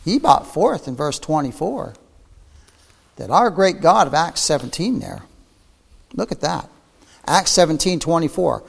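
A man preaching a fervent sermon, reading scripture aloud, his voice climbing high and then falling to near-whispers. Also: animated, measured pace, gravelly, long pauses, slightly rough, long reverb tail. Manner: fervent preaching, soaring then dropping to a hush.

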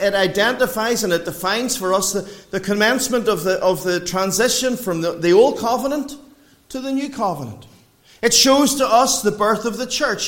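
High-voiced preacher in an echoey room. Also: male voice. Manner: preaching with wide swings in pitch and loudness. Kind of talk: sermon. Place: church.

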